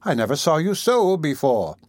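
A man voicing an anxious elderly aunt who speaks slowly, gently and with a tremble. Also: a little high, very animated, no echo, clean studio sound.

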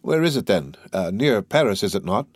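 Man voicing a stiff, anxious magistrate, low-pitched and dry. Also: very animated, normal speed, no room sound. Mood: uneasy. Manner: formal, uneasy, stammering at times. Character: anxious middle-aged magistrate, stiff and defensive.

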